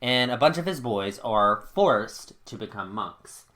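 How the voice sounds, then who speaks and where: A woman's voice: very deep voice, lively intonation, measured pace, a bit bright. A woman co-hosting a podcast, telling history casually with lots of laughter and jokes. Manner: giggly, jokey storytelling. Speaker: podcast co-host. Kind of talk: casual chat.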